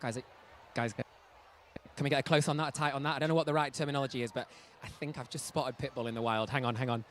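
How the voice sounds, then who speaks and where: A man presenting live from an outdoor festival, excitable and gushing. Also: mid-range voice, fast talker, slight background noise.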